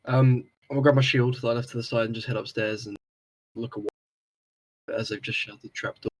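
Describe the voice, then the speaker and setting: A man's voice: mid-range voice, fairly even intonation, a little fast, rough recording. A man playing a tabletop role-playing game, chatty and slipping into his character's voice to talk to the group. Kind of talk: casual tabletop role-play chat.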